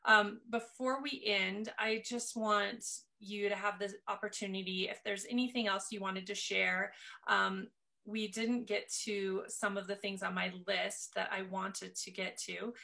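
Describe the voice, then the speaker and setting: Woman podcast host, bright voice w/ lots of fry, chatty and encouraging. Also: medium pitch. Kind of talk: casual interview chat.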